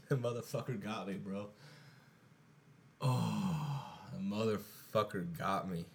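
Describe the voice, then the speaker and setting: A man's voice: sits low, slow pace, gravelly, slightly rough. A tipsy man hosting his own podcast, rambling in a profane solo rant that keeps repeating itself. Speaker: podcast host.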